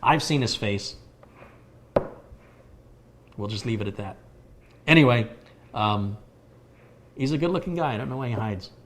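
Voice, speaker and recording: A man's voice: mid-range voice, expressive, unhurried, long pauses, fairly bright tone, slight background noise. An American man hosting a live computer repair stream, explaining hardware with everyday analogies as he answers viewer questions. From United States. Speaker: computer repair livestream host.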